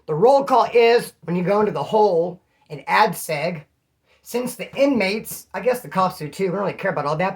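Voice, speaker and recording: A man from California with a slightly hoarse voice, casually telling rambling stories to his channel's viewers. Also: sits high. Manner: slangy, rambling, calls listeners homeboy. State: throat issue, slightly hoarse. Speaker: vlogger. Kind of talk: casual storytelling to camera.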